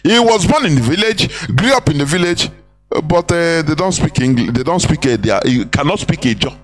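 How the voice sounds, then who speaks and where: A man's voice: a little high, lively intonation, fairly quick, soft background music. A Nigerian-accented man giving an impassioned, preachy live broadcast talk, repeating phrases and slipping into pidgin and Igbo. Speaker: broadcast speaker.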